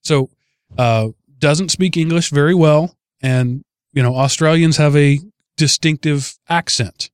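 Male podcast host, slightly high voice, dry close sound, amused storyteller who chuckles as he goes. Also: a little slow, smooth, no echo. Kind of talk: casual chat.

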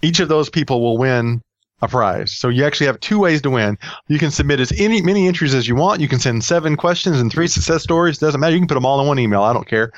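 A man's voice: mid-range voice, lively intonation, fast, dry recording. Man, podcast host, rambling and jokey, dry slightly dull sound. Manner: rambling, jokey, many fillers. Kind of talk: casual podcast chat.

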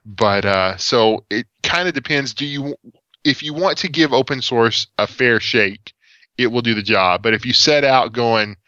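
A man's voice: mid-range voice, expressive, measured pace, sharp tone, smooth, no room sound, muffled recording. A man with an East Texas accent chatting casually about tech, rambling with lots of fillers and restarts. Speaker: podcast co-host.

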